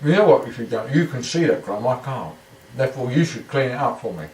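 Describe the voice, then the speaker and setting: A man's voice: mid-range voice, very animated, fast, darkish tone. A man arguing in a casual, indignant and sarcastic way, firing questions back. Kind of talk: argumentative casual talk. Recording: echoey room, mic far off, noisy.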